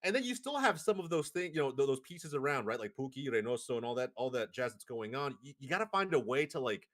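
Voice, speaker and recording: Animated man in casual sports banter. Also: mid-range voice, quick pace. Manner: animated, laughs a lot, emphatic repetition. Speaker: podcast co-host.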